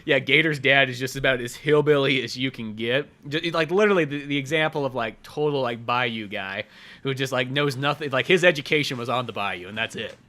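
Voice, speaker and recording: A man's voice: mid-range voice, a little fast, pushed and bright. A man co-hosting a casual podcast, retelling film scenes with lots of swearing and laughter. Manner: laughing storyteller, swears a lot, acts out scenes. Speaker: podcast co-host. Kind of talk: casual movie review chat.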